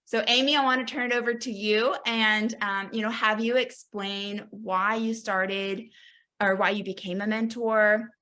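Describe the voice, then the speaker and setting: A woman's voice: mid-range voice, steady tone, a little slow, sharp tone. A woman hosting a webinar conversation, introducing a mentor and asking questions in an encouraging way, often saying "you know". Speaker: webinar host. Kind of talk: webinar moderation.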